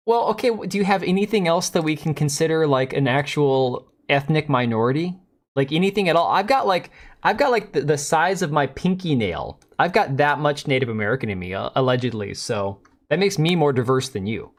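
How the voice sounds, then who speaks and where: A man's voice: a little high, animated, fairly quick. A man in his forties hosting a casual live stream, joking sarcastically and answering chat.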